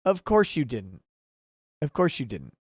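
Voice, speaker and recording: A man's voice: medium pitch, wildly swooping pitch, a little slow, slightly rough, no room sound, clean studio sound. Sarcastic man hosting a livestream. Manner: sarcastic, mock-outraged, breaks into laughter. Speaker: livestream talk show host. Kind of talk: casual livestream chat, reading viewer messages aloud.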